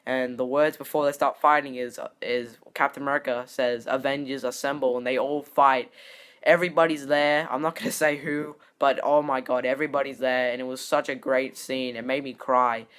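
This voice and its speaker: A man's voice: mid-range voice, level tone, normal speed, a bit bright. A man giving a casual spoken movie review, rambling with many fillers and restarts and sounding emotional.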